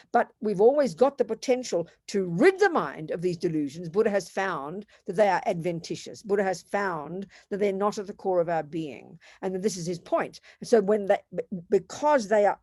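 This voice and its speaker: A woman's voice: mid-range voice, darkish tone, dry recording, studio quality. An older woman giving an earnest, emphatic Buddhist teaching, repeating phrases for stress. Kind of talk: dharma talk.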